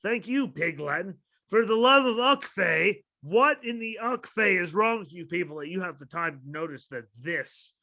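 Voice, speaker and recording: A young man on a casual wrestling podcast, talking in a high, bright voice. He rants and swears freely, and he jumps into loud shouted bits when he acts out what other people said. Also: a little slow, gravelly. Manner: ranting, profane, animated, shouts out quoted lines. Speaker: podcast co-host.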